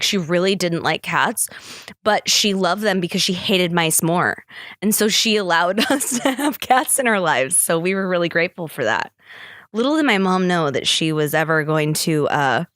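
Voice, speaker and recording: A woman's voice: fairly low pitch, fairly bright tone, dry recording, studio quality. A young woman hosting a podcast, telling stories casually, swearing freely and acting out quotes in squealing voices. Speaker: podcast host. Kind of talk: casual storytelling monologue.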